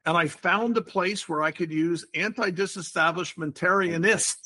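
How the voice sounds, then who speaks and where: A man's voice: high-pitched, normal speed, sharp tone. An older man hosting a casual podcast chat, explaining word games in a playful, wordy way. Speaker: podcast host.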